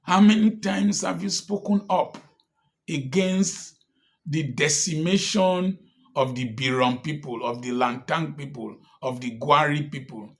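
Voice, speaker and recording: A man delivering impassioned political commentary in a fairly high voice. He speaks slowly and deliberately, hammering home one rhetorical question after another. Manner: repeated pointed rhetorical questions.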